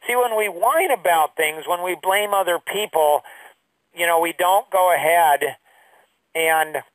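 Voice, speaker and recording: Rambling man, fairly high voice. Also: a little slow, fairly bright tone, dry recording, distant mic, rough recording. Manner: rambling storyteller with many fillers; pushes his voice high for quoted speech. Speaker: business coach teaching a course. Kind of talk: anecdotal online lesson.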